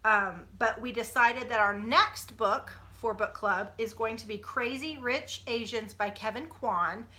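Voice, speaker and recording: Woman, 30s, bright voice, chatty vlogger, rambling with fillers, sitting on her bed at home. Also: fairly high pitch, unhurried. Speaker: YouTuber. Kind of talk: casual chat with viewers.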